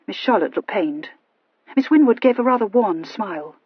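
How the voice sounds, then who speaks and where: An audiobook narrator reads a novel expressively from a script, giving each character a distinct voice. Her medium-pitched voice is husky, with lively intonation and a moderate pace, recorded lo-fi with no room sound.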